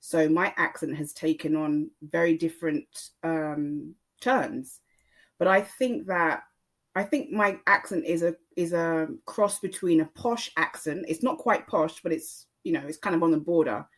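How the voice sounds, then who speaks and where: A chatty English woman hosting a casual podcast. Her accent sits between posh English and Multicultural London English, and her low voice wanders through fillers and asides. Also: unhurried. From England, born in Jamaica. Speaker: podcast host.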